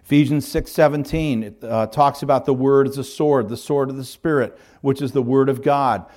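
A middle-aged male pastor delivering a sermon, his voice sitting at an ordinary pitch for a man. He preaches earnestly and with emphasis, building points through repeated parallel phrases. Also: moderate pace, a little mellow.

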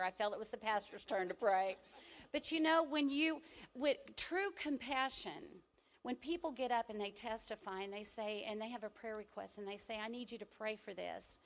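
A middle-aged woman from the American Midwest preaching a sermon and telling a personal testimony, conversational, with loud emphatic bursts and soft asides. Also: medium pitch.

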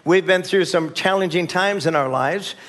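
A man's voice: sits high, normal speed, fairly bright tone. Older male pastor preaching. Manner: call-and-response, chuckling, folksy asides. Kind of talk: sermon.

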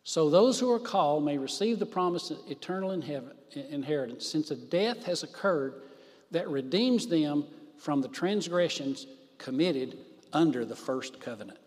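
A man's voice: fairly high pitch, lively intonation, a little mellow, in a large hall. A man preaching a sermon, stressing words by drawing out his phrases. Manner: emphatic, drawn-out phrases for stress.

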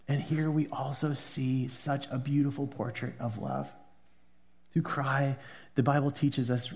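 A man preaching a sermon in a conversational way, rising to loud emphatic peaks and dropping to quiet, hushed passages as he reads scripture. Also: medium pitch, fairly even intonation, a little slow. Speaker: pastor.

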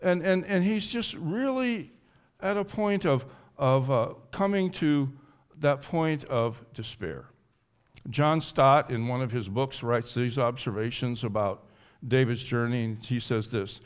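A man preaching a sermon, going from loud and high to quiet and low, and acting out pleading in the first person. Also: measured pace, clear, resonant tone. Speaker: pastor.

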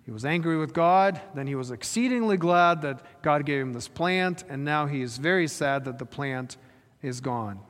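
A man's voice: fairly high pitch, expressive, moderate pace, a bit bright. A man preaching a sermon, retelling a story and pressing his listeners with rhetorical questions. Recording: reverberant hall.

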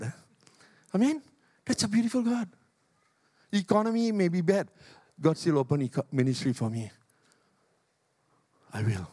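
Older guy pastor preaching hard, kinda high voice, super dry, repeats stuff, pitch jumps all over. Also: moderate pace, long pauses, mellow, husky, no echo. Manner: emphatic, repetitive preaching with big pitch swings. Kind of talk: sermon.

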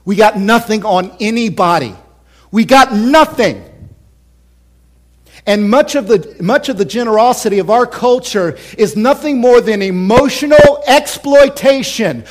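A male pastor with a high, lifted voice delivers a fiery sermon in church. He drives his points hard and loud, then suddenly drops into hushed, near-whispered lines. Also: lively intonation, unhurried. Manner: impassioned preaching, swinging from shouts to hushed whispers.

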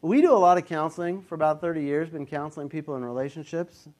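A man's voice: on the high side, quick pace, a little mellow. A man in his fifties, a pastor, preaching a sermon in a casual, conversational way, sometimes acting out the voices he quotes.

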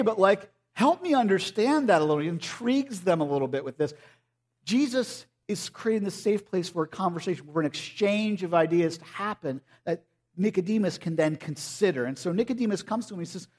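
High-voiced casual male pastor. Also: animated, fairly quick, a little mellow. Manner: casual and conversational, often acting out quoted voices. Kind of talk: sermon.

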